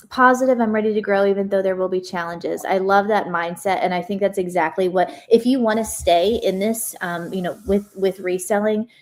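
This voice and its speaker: A woman in her thirties with a high-pitched voice, hosting a live stream in casual chat full of ums. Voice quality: self-described high-pitched voice. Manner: chatty, many ums, laughs easily. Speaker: livestream host.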